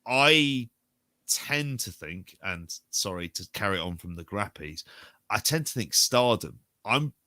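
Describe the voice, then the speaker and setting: A man's voice: fairly low pitch, animated, a little slow, bright, forceful tone, no echo. A man hosting a casual podcast chat, jokey and rambling, often breaking into laughter. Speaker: podcast host.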